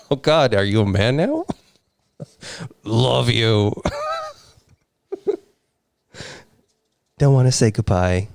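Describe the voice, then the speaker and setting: A man's voice: medium pitch, animated, drawn-out words, gravelly, pauses often, darkish tone, no echo, exaggerated voice. A man playing a fond woman saying goodnight. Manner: lingering, fond goodbyes. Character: affectionate middle-aged woman on a late-night phone call.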